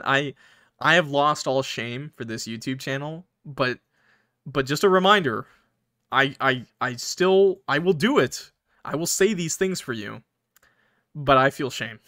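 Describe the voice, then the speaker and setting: Bright-voiced joking gaming streamer man. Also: mid-range voice, expressive, unhurried, no room sound, clean studio sound. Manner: joking, swearing, self-mocking. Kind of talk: casual let's-play commentary to chat.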